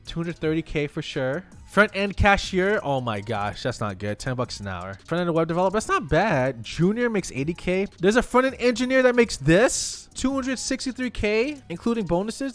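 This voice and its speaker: A young man, a web developer streaming live, reacting excitedly to salary figures and talking to his chat. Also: high-pitched.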